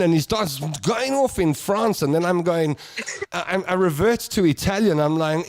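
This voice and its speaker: A man's voice: on the high side, lively intonation, moderate pace, a little mellow. A man hosting a casual chat show, telling stories animatedly and laughing often. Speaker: host.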